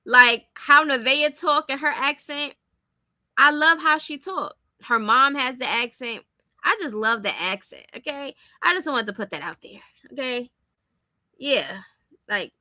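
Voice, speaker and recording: A woman's voice: high voice, sharp tone, no room sound. A young adult woman giving blunt, opinionated casual commentary and talking straight to her viewers. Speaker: commentary streamer. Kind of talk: casual commentary on celebrity gossip.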